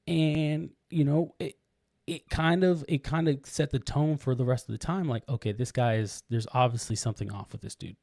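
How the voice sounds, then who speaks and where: Podcast co-host, male, mellow voice, rambling storyteller, dry close mic. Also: medium pitch, no echo. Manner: rambling, many restarts and "like" fillers. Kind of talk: casual storytelling. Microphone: podcast microphone.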